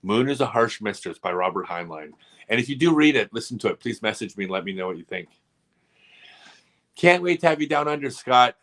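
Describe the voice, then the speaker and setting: A man hosting a casual live stream, telling rambling, animated stories full of asides. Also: mid-range voice, a little fast.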